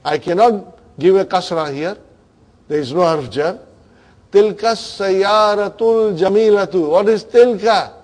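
A man's voice: sits high, expressive, moderate pace, darkish tone. A man teaching a grammar class, questioning his students and checking in with them often.

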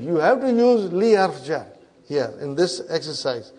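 A man teaching an Arabic grammar class, coaxing students through exercises, repeating their answers and teasing them gently. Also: sits high, expressive, moderate pace. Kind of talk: classroom lesson.

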